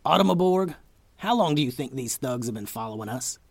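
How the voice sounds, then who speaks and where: A steady young ninja from a children's story who keeps asking what is going on, read by a man. His speech is lively, and the read is dry and close. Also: mid-range voice, a little fast, creaky, no room sound. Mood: curious. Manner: questioning, steady. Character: young male ninja, curious and level-headed.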